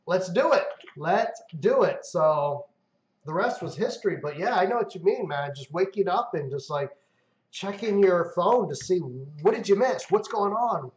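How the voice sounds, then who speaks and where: A man with a high voice hosts a casual live-stream chat. He tells stories excitably, swears freely and acts out his own outbursts. The sound carries a roomy echo. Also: moderate pace, dull audio. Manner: excitable storyteller, swears, mimics himself loudly. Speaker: host.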